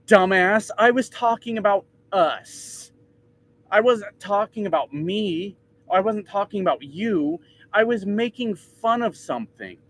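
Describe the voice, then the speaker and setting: Man, 30s, lively swooping voice, casual cussing rant, self-mocking, talking from a truck. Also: high voice, slight background noise. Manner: profane, animated ranting, self-mocking. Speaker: trucker vlogger. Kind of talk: casual ranting vlog. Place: inside a truck cab.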